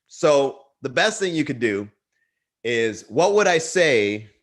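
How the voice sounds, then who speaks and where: Animated young man riffing comedy. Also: mid-range voice, slow pace. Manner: animated, swearing, laughs at his own jokes. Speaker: comedian hosting a livestream. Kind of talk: casual stand-up riffing to a chat. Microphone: webcam livestream.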